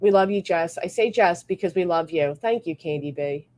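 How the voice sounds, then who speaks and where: A woman's voice: fairly low pitch, normal speed, a little mellow. Brief: fired-up, foul-mouthed woman live streamer, blunt rants mixed with thank-yous to members. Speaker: livestreamer. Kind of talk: live stream rant and member shout-outs.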